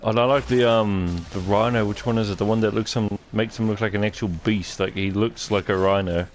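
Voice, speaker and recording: Joking, excitable male gamer with a lower voice, light noise in the background. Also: fairly quick. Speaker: gamer on a stream. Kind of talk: casual chat while gaming.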